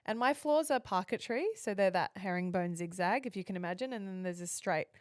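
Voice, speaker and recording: A woman's voice: medium pitch, a little fast, no room sound, studio quality. A woman around forty, a podcast co-host telling a story casually and animatedly, swearing freely.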